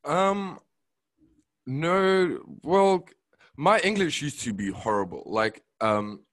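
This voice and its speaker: A man from South Africa with a South African accent, whose first language is Afrikaans, speaking as a podcast guest in a relaxed, halting way. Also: fairly high pitch, dry recording. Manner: relaxed, hesitant, many fillers. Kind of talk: casual conversation.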